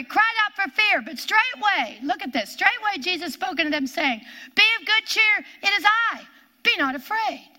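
A woman teaching the Bible in a sermon, dramatic and emphatic, asking rhetorical questions and dropping to hushed tones. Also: extremely high pitch. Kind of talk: sermon, reading and expounding scripture.

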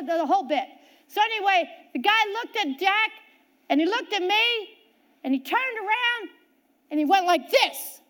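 In her sermon, this middle-aged woman shares a personal story in a very high voice. She preaches with lively shifts from loud passages to quiet ones.

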